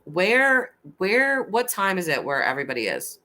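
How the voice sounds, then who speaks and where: A woman hosting a casual late-night live stream, chatting and rambling with her viewers, full of "like" and quick to laugh. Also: mid-range voice, very animated, sharp tone.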